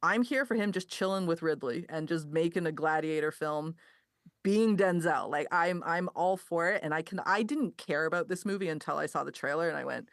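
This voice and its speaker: A woman's voice: sits low, fairly quick, no room sound, clean studio sound. A woman, a film editor on a panel, speaking with emphatic enthusiasm. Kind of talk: casual opinionated chat.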